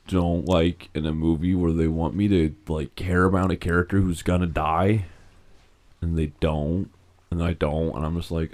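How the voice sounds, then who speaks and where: A man's voice: deep voice, moderate pace, a little mellow. A young man co-hosting a podcast, joking and rambling in casual chat with lots of restarts. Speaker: podcast co-host.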